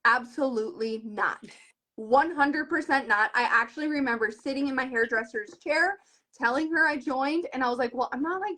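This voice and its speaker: A woman in her thirties who leads a direct-sales team talks in a live video conversation. Her voice is high-pitched and moderately paced, and she is earnest and animated, retelling conversations in lively voices.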